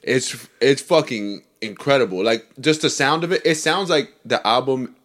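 A man's voice: medium pitch, normal speed, a bit bright. Laid-back young man chatting casually. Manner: laid-back, loose, swears freely. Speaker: podcast co-host. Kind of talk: casual chat.

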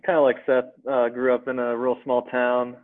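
A young man in his twenties from rural Pennsylvania, answering interview questions in a low-key, brief way. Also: level tone, moderate pace. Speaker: guest, pararescue graduate. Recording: phone-like thin sound.

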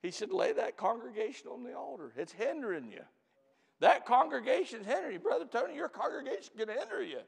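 A man preaching a camp meeting sermon as pastor. He stretches and shouts key lines to the church, then drops into quick, quiet storytelling. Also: very high voice, sing-song, creaky, husky, in a large hall. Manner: preaches with loud drawn-out emphasis, calls out to the church.

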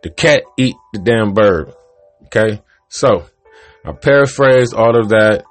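A man's voice: fairly low pitch, slow, dry recording, faint music behind. A man hosting a podcast, casually telling an old joke in a rambling, profane way that keeps interrupting itself. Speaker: podcast host.

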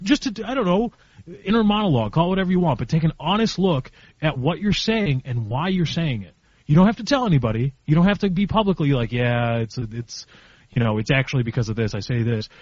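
A man's voice: on the high side, no echo, highs cut off. A man in an earnest group conversation, giving a friend blunt advice and restarting his sentences as he makes his point. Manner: blunt, repeats and restarts while making a point.

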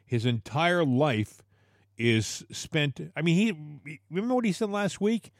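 A man's voice: fairly high pitch, measured pace, dry recording, studio quality. A man co-hosting a political talk show, emphatic and repeating words as he argues.

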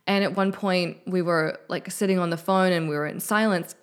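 A woman's voice: lowish voice, steady tone, moderate pace, clean tone. A woman hosting her own podcast, talking candidly and emotionally in a casual solo chat, swearing now and then, into a studio microphone with a mixer. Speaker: podcast host.

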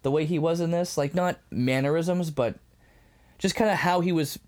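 A man's voice: on the high side, normal speed. A man co-hosting a podcast in casual chat, retelling scenes with lots of laughter and stop-start phrasing. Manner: animated retelling, laughs often; many fillers and restarts. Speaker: podcast co-host.

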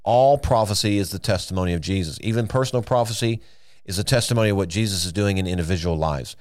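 A man with a somewhat low voice leads a Bible teaching on his podcast. He sounds earnest and emphatic, with plenty of fillers and self-corrections as he thinks aloud. The sound is dry and close, with no echo around him. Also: quick pace.

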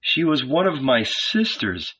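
A man voicing a slow, solemn gentle teacher. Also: medium pitch, sing-song, slightly rough, muffled recording, full character voice. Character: calm gentle male teacher, patient and solemn.

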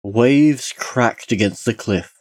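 A man reading a dark fantasy tale aloud in a measured, solemn storytelling manner. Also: medium pitch, husky. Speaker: narrator.

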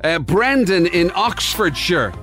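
A man's voice: sits high, sing-song, slow pace, fairly bright tone, faint music behind. An Irish man hosting a breakfast radio show, bantering and laughing while reading out listener messages. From Ireland.

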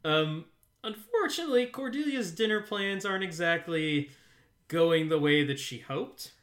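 A man's voice: fairly high pitch, expressive, normal speed, a bit bright. A man co-hosting a podcast, recapping an episode in casual, rambling chat with lots of fillers and frequent laughter. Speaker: podcast co-host.

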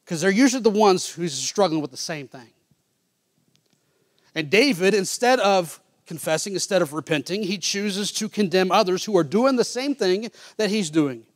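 Male pastor, fairly high voice, sermon delivery, big dynamic swings between loud points and soft asides. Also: animated, normal speed, dry recording, studio quality. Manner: preaching with strong swings from loud to quiet; reads scripture in King James wording.

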